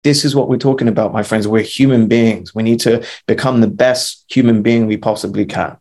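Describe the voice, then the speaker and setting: A man's voice: lowish voice, fairly even intonation, a little fast, a little mellow. A man co-hosting a podcast, coaching listeners with rhetorical questions and casual swearing. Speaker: podcast co-host. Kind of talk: motivational talk.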